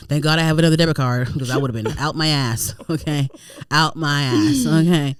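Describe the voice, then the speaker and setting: A woman co-hosting a podcast in casual chat, telling an animated story that turns to indignant shouting, with plenty of swearing. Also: low-pitched, normal speed, clear, resonant tone, no room sound, clean studio sound. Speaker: podcast co-host.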